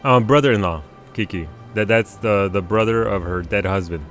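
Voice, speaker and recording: Soft background music plays as a man with a lowish voice, speaking at a moderate pace, gives casual live gameplay commentary to viewers. He sounds animated, laughs frequently and keeps restarting sentences with stammers.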